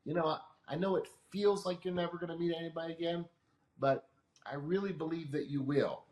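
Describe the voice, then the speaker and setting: Calm teaching man in a roomy space. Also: a little high, fairly quick. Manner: calm, teaching tone with practical examples. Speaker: emotional management expert guest. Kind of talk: explanatory interview answers. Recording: roomy echo.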